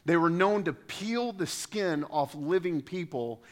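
A man preaching to a congregation, his voice sitting a little high. He swings from loud, rising scripture quotes to casual, chatty asides aimed at the room. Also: a little slow. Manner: animated, rises in pitch and volume when quoting scripture. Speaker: pastor. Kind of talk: sermon.

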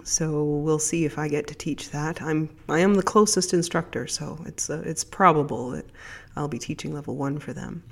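A podcast host speaks with a stuffed-up, congested voice from a cold. The talk rambles along in a chatty, casual solo monologue, and the pitch sits in an ordinary middle range.

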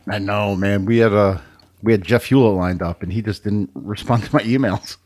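A man's voice: lowish voice, steady tone, moderate pace, a little mellow. An American man co-hosting a podcast, chatting casually and poking fun at himself. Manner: self-mocking, chatty. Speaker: podcast co-host. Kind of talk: casual chat.

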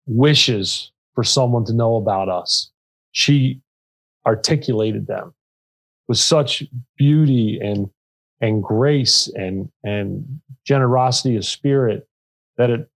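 A man's voice: medium pitch, poor audio. A middle-aged man, a nonprofit co-founder and chief executive, speaking earnestly in a podcast interview and telling stories with many restarts. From Pennsylvania.

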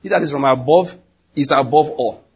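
A man with a Nigerian accent preaching a sermon, emphatic and animated, often acting out what people say. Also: on the high side, moderate pace, husky. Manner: animated, emphatic, slips into acted quotes.

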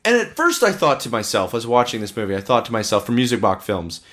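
A man's voice: medium pitch, huge pitch swings, quick pace, fairly bright tone. A man co-hosting a casual podcast, rambling and opinionated as he reviews films, swearing freely. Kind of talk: casual chat.

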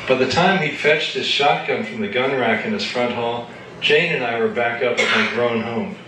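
A man reading his own fiction aloud at a live event, in a measured, matter-of-fact way. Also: mid-range voice, distant mic, very noisy. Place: live reading at an evening gathering. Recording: echoey room from afar.

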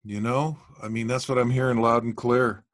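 A man hosting a podcast interview, chatty and enthusiastic, quick to affirm his guest. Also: mid-range voice, steady tone. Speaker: podcast host. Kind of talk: casual interview.

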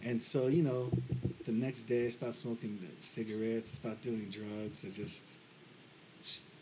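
A man's voice: mid-range voice, little pitch movement, measured pace, slight background noise, poor audio. Earnest, rambling man from Las Vegas. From Las Vegas, United States. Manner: earnest, repeats himself while telling his story. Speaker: podcast guest, filmmaker. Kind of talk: casual interview chat.

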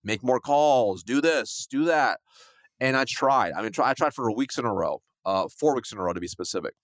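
A man telling a sales story in a lively, fast conversational way, acting out the voices of the people in it. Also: medium pitch, dry recording, clean studio sound. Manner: fast, animated, acts out quoted dialogue. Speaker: guest, sales coach.

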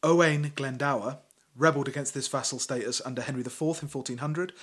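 A man's voice: medium pitch, steady tone, fast, slightly rough. A man co-hosting a casual history podcast, talking in a loose, joking and sometimes sweary way as he reads out his notes. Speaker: podcast co-host.

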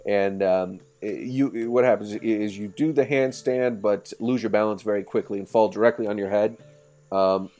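A man narrating a tabletop game as game master and voicing its villagers, with halting speech and frequent laughter. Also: on the low side, a little mellow.

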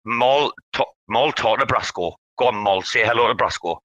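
A man hosting a casual online audio chat, talking in an animated, rambling way as he hypes up his community. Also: mid-range voice, moderate pace, lo-fi sound. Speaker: host.

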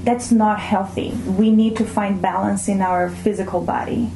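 A woman from Brazil, a mindfulness teacher calmly explaining emotions in an interview and slowing down to stress her points. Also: mid-range voice, background noise. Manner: calm, reflective, often slows to stress words. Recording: roomy echo.

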